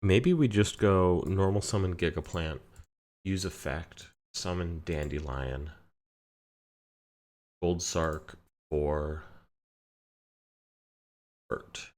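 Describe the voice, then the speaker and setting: A man casually commenting on his card game while telling a relaxed story, walking through each play step by step. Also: low-pitched, drawn-out words, long pauses. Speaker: card game player and channel host. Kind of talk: casual commentary over gameplay.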